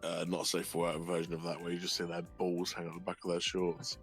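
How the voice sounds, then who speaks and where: A man's voice: sits low, monotone, fast talker. A man co-streaming in casual chat, laid-back and joking. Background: background music.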